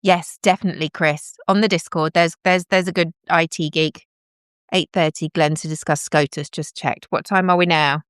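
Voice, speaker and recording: A woman's voice: low-pitched, steady tone, normal speed, smooth, no room sound, clean studio sound. A woman hosting a casual live stream from home into a microphone, rambling and joking at her own expense as she talks with viewers. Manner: rambling, joking, self-mocking, chatty. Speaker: livestream host. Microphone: plugged-in microphone with headphones.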